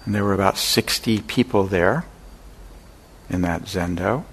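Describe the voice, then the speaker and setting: An older man giving a dharma talk as a meditation teacher, an unhurried storyteller who pauses often. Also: low-pitched, fairly bright tone, breathy edge. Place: meditation center hall.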